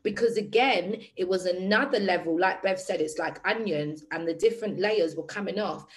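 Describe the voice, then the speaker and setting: A woman's voice: on the low side, moderate pace, poor audio. A woman hosting a group session, speaking candidly and addressing the group directly in casual talk. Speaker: workshop host.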